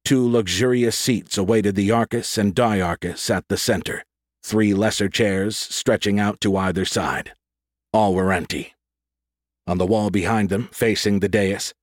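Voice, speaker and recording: A man with a fairly low voice narrates an audiobook in a measured, descriptive way. The recording is dry and close, with no room echo. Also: steady tone. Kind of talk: scripted narration.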